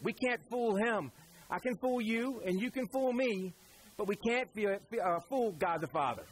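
A man preaching a conversational sermon, asking the congregation questions and acting out voices in quick asides. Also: high-pitched, lively intonation, slight background noise, poor audio. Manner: acts out voices in quotes. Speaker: pastor.

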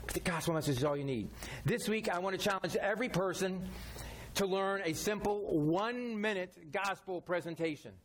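A man's voice: sits high, a little fast, slight background noise. A man preaching a sermon as a pastor, talking directly and conversationally, repeating his key phrases.

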